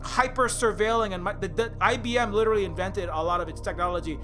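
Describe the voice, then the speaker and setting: A man's voice: sits high, fast, over music. A man on a live stream, ranting heatedly and sarcastically, stumbling over restarts and mocking people as he goes. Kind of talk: rambling political rant on a live stream.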